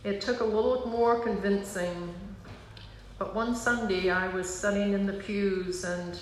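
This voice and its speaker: A woman's voice: mid-range voice, fairly even intonation, a little hiss or hum. Earnest woman preaching in an echoing church. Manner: earnest, emotional, pausing. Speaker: pastor. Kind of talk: personal testimony sermon. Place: church sanctuary. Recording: roomy church hall sound.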